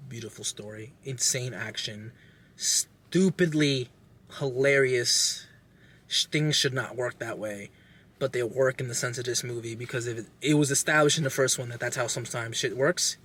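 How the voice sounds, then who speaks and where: A young man casually recapping a movie plot with lots of swearing, animated and acting out lines. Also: medium pitch, moderate pace, breathy edge. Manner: animated, profane, acts out characters' lines. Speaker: podcast host reviewing a movie.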